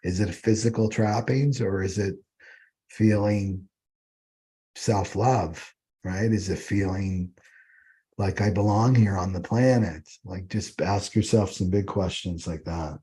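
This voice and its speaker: A man's voice: low voice, slow, warm tone, husky. A man teaching astrology off the cuff, rambling and often asking "right?" as he goes.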